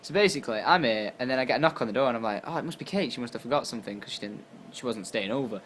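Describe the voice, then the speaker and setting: A tired young man from England telling a story casually to camera, acting out his own lines with sudden jumps in pitch and loudness. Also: very fast, a little hiss or hum. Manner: animated, acts out quotes with jumps in pitch and volume. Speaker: YouTuber.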